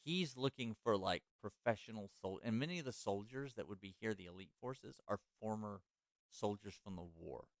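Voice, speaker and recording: Podcast host, male, low smooth voice, casual storyteller, loose with "like" and restarts, dry close mic. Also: animated, normal speed, no room sound. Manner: loose, filler-heavy, self-correcting.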